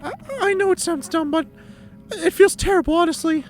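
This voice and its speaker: A man voicing an anxious, overachieving female student in a high put-on voice, reading game dialogue aloud. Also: normal speed, faint music behind.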